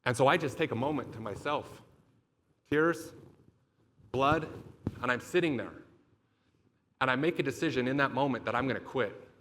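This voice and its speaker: A man's voice: mid-range voice, normal speed, long pauses, fairly bright tone, a little hiss or hum. A young adult man giving a motivational keynote speech, telling a personal story in an emphatic, profane and confessional way. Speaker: motivational speaker.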